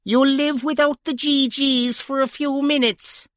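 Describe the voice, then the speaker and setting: A bossy but kindly older nun, snapping out motherly orders. Her voice sits a little high, and the recording is close and dry with no room sound. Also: steady tone, dry recording. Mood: brisk. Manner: brisk, motherly commands.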